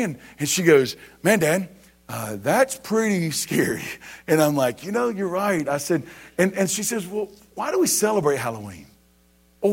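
A man in his thirties preaching as a pastor, building emphasis with rhetorical questions and casual asides. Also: a little high. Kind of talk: sermon.

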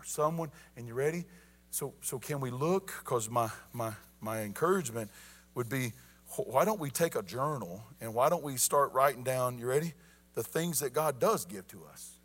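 Preacher guy, middle-aged, bright voice, keeps calling out to the room, fired up. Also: mid-range voice. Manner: animated preaching with repeated call-outs and rising emphasis. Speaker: pastor. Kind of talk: sermon.

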